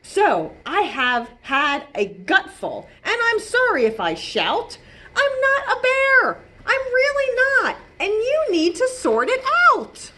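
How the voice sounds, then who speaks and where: A woman's voice: high voice, huge pitch swings, slow, few pauses, pushed and bright, full character voice. A woman voicing a grumpy, fed-up male koala who complains indignantly in a storybook read-aloud.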